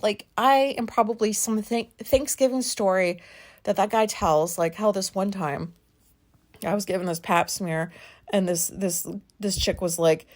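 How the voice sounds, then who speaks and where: A woman in her forties, hosting a podcast and talking through an embarrassing memory in a candid, rambling way, self-conscious and quick to swear. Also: medium pitch. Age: 40s. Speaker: podcast host. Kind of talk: candid personal monologue.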